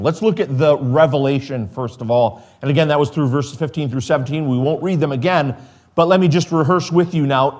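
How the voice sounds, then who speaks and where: A man preaching a sermon, retelling scripture and acting out the dialogue with animated emphasis. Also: a little high. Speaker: pastor.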